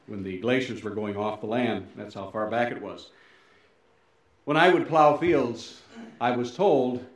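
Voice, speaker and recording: A middle-aged male pastor giving a sermon, swinging between loud emphasis and soft, low endings, with folksy, self-deprecating asides. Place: church sanctuary. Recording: very echoey church hall.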